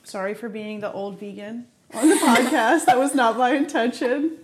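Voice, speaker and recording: A woman's voice: on the high side, fairly even intonation, moderate pace, a crowd in the background. A young woman guest on a podcast, chatting bluntly and casually, swearing freely and trailing off into mutters.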